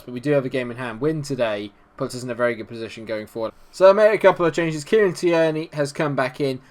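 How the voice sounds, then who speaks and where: Chatty man doing game commentary. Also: medium pitch. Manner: chatty, jokey and swings into excited match commentary. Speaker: gaming YouTuber. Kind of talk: football management gameplay commentary.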